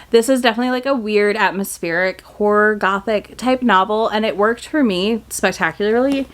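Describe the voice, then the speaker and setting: A woman's voice: medium pitch, normal speed, few pauses. A young woman chatting casually and enthusiastically in a book haul video, gushing with lots of fillers. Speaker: book vlogger.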